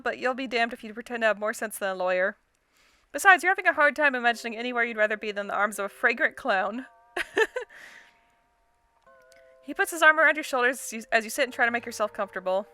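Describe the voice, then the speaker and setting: Chatty woman reading a game out loud, bright voice, casual commentary. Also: on the high side. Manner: casual, chatty, stumbles and laughs at the script. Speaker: let's-play host. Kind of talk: reading a visual novel aloud with commentary.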